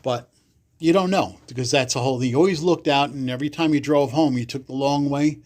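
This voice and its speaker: A man's voice: medium pitch, brisk, a little mellow. New guy rambling through old stories, puts on voices for the people he quotes, podcast guest. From the Bronx, New York. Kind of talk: casual storytelling interview.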